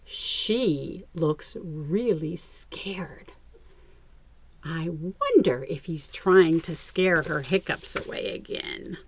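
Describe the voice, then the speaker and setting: A woman narrating a picture book aloud to young children, with expressive gasps and remarks spoken straight to her listeners. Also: sits low, drawn-out words, husky. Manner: talks directly to young viewers. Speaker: children's story reader.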